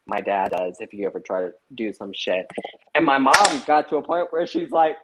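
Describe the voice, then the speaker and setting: A man's voice: mid-range voice, fairly quick, poor audio. A young man, a guest on a live stream, telling a story in casual chat, swearing a lot and filling with "like". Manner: profane, lots of "like" fillers.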